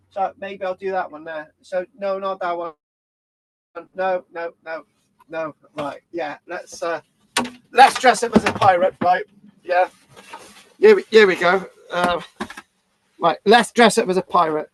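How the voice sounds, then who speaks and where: In this casual vlog from Britain, a man with a high, slightly bright voice jumps around scattershot, cursing and tacking "right?" onto his lines. No room sound is audible.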